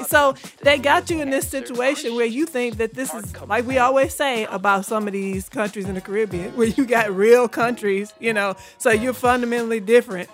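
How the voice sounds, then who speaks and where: Assertive woman, somewhat high voice. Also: fairly bright tone. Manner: assertive, driving points home with repeated tag questions. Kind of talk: casual discussion.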